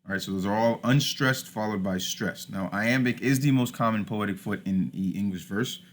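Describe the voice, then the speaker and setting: A man's voice: lowish voice, moderate pace. A man teaching a class over slides, explaining step by step with frequent "all right" and "uh" fillers. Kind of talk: recorded lecture over slides.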